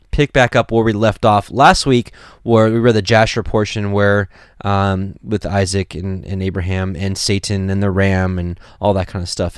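A man preaching a sermon and reading scripture aloud, earnest and steady, with fillers between readings. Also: on the low side, clear, resonant tone, no room sound, studio quality.

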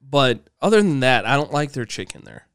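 A man's voice: medium pitch, big pitch swings, brisk, fairly bright tone, smooth, dry recording. A young man co-hosting a podcast, teasing and joking in casual chat with his partner. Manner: teasing, playful, jokey. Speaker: podcast co-host.

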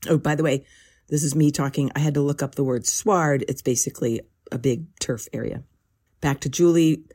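A woman's voice: deep voice, steady tone, normal speed, dark tone, husky. A woman hosting a gardening podcast, introducing guests with a friendly, lightly humorous manner. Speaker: podcast host.

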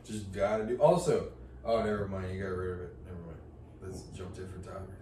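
A man co-hosts a casual podcast chat, rambling, restarting often, and swearing casually. His low, dark voice is fast with fairly even intonation. The mic sounds distant and roomy, with faint noise.

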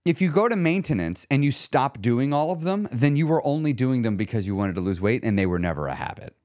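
A man's voice: medium pitch, fairly quick, no room sound, clean studio sound. A middle-aged man hosting a solo weight loss podcast, talking casually and getting worked up into rants. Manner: excitable, gets worked up and rants.

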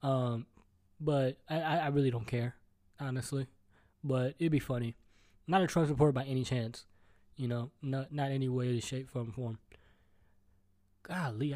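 Man, podcast host, solo rant, mellow voice, profane, stuttering, rambling, recording at home. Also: mid-range voice, steady tone, normal speed. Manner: rambling, profane, jumps between topics; stutters and restarts.

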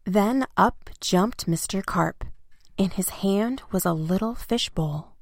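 Slow, expressive woman storybook reader. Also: medium pitch, gravelly, no echo, studio quality. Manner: simple, expressive first-person reading. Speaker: narrator. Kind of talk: children's storybook reading.

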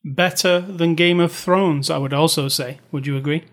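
A man with a slightly high voice hosts a movie review podcast. He talks in a loose, chatty way, jokes with his co-host and leans hard on words when he reads something aloud. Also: steady tone, moderate pace, fairly bright tone. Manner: chatty, joking, reads aloud with dramatic stress. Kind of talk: casual chat.

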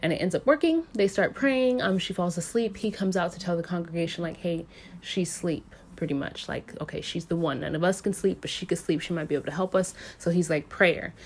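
A woman's voice: fairly low pitch, fairly quick, slightly rough. A woman casually retelling a movie's plot in a rambling way, full of "like" and "um", and swearing now and then. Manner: rambling, filler-heavy, lots of "like" and "um"; casually profane. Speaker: movie recap reviewer.

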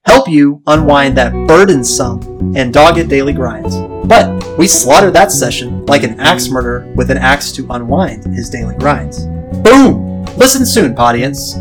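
A man's voice: on the high side, rough recording. A man hosting a podcast, signing off in a florid, theatrical, playful way. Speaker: podcast host.

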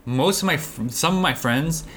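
A man's voice: fairly high pitch, lively intonation, normal speed, fairly bright tone, a little hiss or hum. A man in his twenties in casual chat, blunt and swearing heavily as he rants. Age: 20s.

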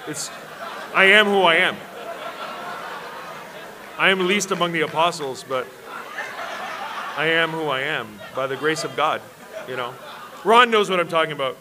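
A man's voice: on the high side, expressive, measured pace, pauses often, a crowd in the background, background noise. A man preaching at a church worship service, telling self-deprecating, humorous personal stories to a congregation. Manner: self-deprecating, joking storyteller.

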